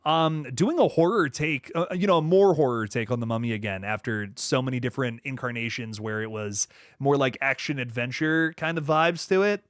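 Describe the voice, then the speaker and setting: A young man hosting a horror livestream, chatting casually and reading viewer comments aloud, often laughing and dropping into low asides. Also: normal speed, dry recording, clean studio sound. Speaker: horror channel host reading live chat.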